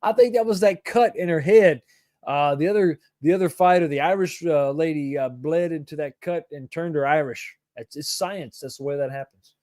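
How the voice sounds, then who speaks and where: A middle-aged man talks loosely to his livestream audience, joking and calling out viewers by name. His voice sits a touch high for a man. The sound is dry and close, with no room around it. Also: moderate pace, darkish tone, no echo. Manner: laid-back, jokey, greets viewers by name. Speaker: livestream host reading chat. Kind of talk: casual chat.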